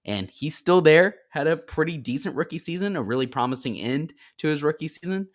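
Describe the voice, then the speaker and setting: A man co-hosting a casual sports podcast, animated and jokey, bringing in comments from the live chat. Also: on the high side, fairly quick. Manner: animated, jokey, laughs at his own points.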